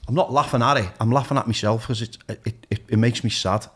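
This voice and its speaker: Husky Liverpool man, sweary storyteller. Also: medium pitch, fairly even intonation, fairly bright tone. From Liverpool, England. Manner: frank, heavy swearing, rapid restarts. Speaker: DJ and radio presenter, podcast guest. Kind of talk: candid storytelling in conversation.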